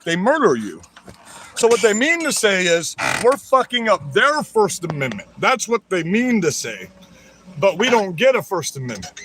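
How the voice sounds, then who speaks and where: High-voiced man, confrontational vlog rant, profane and mocking, faint noise behind. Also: fairly bright tone. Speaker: political vlogger. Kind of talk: angry direct-to-camera rant.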